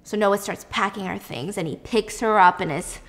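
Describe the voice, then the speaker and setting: A woman's voice: medium pitch, moderate pace. A young woman podcast host telling a story in a casual, joking, slangy way while she bakes.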